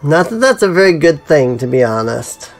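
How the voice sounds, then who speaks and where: A man's voice: a little high, big pitch swings, moderate pace, faint music behind. A man giving casual gameplay commentary as a let's play host, musing to himself with frequent ums.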